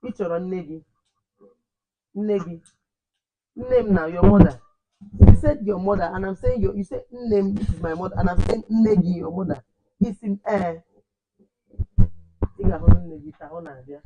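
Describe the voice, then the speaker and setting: A man's voice: high voice, expressive, normal speed, creaky, pauses often, dark tone, highs cut off. A man teaching a language class to children, quizzing them, repeating and correcting phrases, switching between two languages. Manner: switches between Igbo and English.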